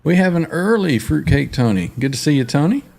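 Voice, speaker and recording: A man's voice: fairly high pitch, expressive, a little fast, vocal fry, a little mellow. A man hosting a casual livestream, greeting viewers and reading their comments aloud with frequent laughs. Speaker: livestream host.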